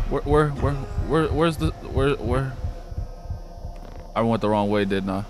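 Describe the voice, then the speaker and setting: A man's voice: medium pitch, takes it slowly, pauses often, noisy background. A young man commentating a horror game, cursing and reacting with panic. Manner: profane, jumpy, panicky reactions. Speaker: gaming YouTuber.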